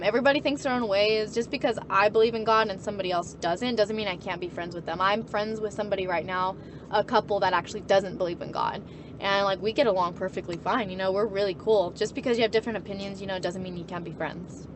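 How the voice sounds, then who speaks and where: A woman's voice: medium pitch, steady tone, fast talker, noisy background. A woman in her twenties chatting casually and bluntly, swearing freely and laughing often. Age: 20s. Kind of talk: casual chat.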